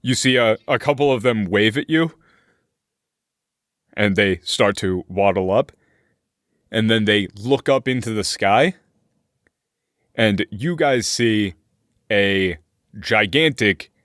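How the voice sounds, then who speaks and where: Slow, low-voiced man narrating as game master. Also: fairly bright tone, no room sound, studio quality. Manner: slow, deliberate scene-setting.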